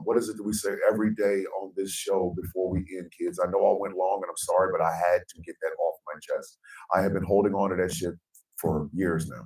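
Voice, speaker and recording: A man's voice: deep voice, fairly even intonation, brisk, a little mellow, recorded from a distance, low-quality recording. An American man hosting a radio morning show, speaking in an emphatic, blunt and profane monologue. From United States.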